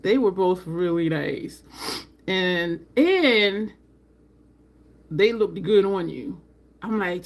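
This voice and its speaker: A woman's voice: medium pitch, takes it slowly. Chatty woman hosting a makeup livestream. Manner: chatty, talks to viewers by name, voice leaps up when excited. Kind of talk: casual makeup livestream chat.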